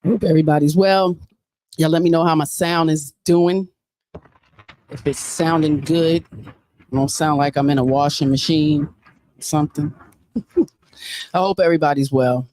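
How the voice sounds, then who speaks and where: A woman's voice: deep voice, measured pace, long pauses. Woman, livestream host, preachy, emphatic, repeats herself. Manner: animated, preachy, emphatic repetition. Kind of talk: casual livestream talk.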